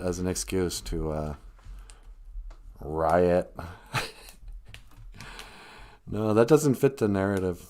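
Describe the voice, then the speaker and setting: Minnesotan male host, slow, lively pitch, joking monologue. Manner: rambling, joking, laughs at his own jokes. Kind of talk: comedic live-stream monologue.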